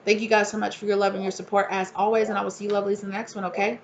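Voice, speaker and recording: A woman's voice: medium pitch, level tone, very fast, lo-fi sound, a little hiss or hum. A woman giving a casual tarot reading, chatting freely and acting out the people she describes in exasperated voices. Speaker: tarot reader.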